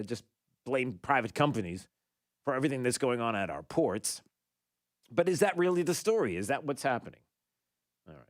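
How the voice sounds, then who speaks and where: A man's voice: medium pitch, no room sound. Male talk radio host, rambling monologue, lots of fillers, dry close studio sound.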